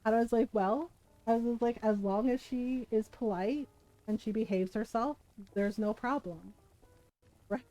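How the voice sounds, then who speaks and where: A woman's voice: fairly high pitch, unhurried, mellow, soft background music, low-quality recording. A middle-aged woman streaming, telling stories in casual chat and laughing often as she talks. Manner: chatty storyteller, laughs often.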